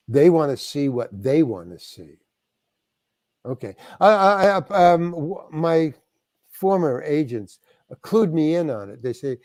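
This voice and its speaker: A man's voice: on the high side, expressive, unhurried, darkish tone, no room sound. An older man from New York, a guest actor telling stories in a rambling way, full of restarts and acted-out lines from other people. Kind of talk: casual interview storytelling.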